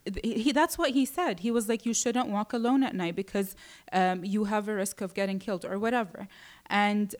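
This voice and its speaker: A woman's voice: medium pitch, brisk. Young woman telling a date story. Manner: animated storytelling, quotes others, swears. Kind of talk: casual chat.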